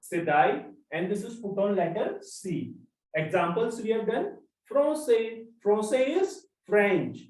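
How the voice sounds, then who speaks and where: Slow, drilling language teacher. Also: medium pitch, expressive, a little mellow. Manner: slow, repetitive drilling of examples. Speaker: French teacher. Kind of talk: language lesson. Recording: roomy echo, mic far off.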